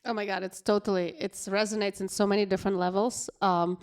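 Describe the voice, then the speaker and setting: A woman who grew up abroad co-hosts a relaxed podcast chat. She tells stories with lots of excitement and animation. Her phrasing is loose and non-native, and her voice sits at an ordinary middle pitch. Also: fast, clean tone. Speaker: podcast co-host.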